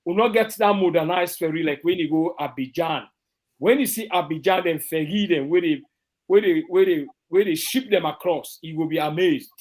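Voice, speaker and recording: Man, Sierra Leonean Krio accent, slightly high voice, emphatic, repeats himself, political talk show guest. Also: normal speed, a little mellow. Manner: emphatic, repetitive, restarts phrases. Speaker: political party commentator.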